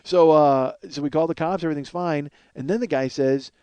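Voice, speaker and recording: A man hosting a comedy podcast, telling a story in an animated, profane, rambling way. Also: a little high, fairly quick, hardly any pauses, clear, resonant tone, no room sound. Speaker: podcast host.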